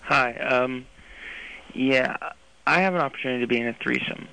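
A man's voice: mid-range voice, moderate pace, vocal fry, bright, forceful tone, dry recording, low-quality recording. A man calling in to a radio show, hesitant and unsure about his question. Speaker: caller.

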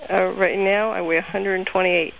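A woman in her twenties calling in to a radio show, talking in a flat, hesitant, soft-spoken way. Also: medium pitch, normal speed, gravelly, a little hiss or hum, low-quality recording. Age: 20s. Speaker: caller. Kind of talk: call-in radio chat.

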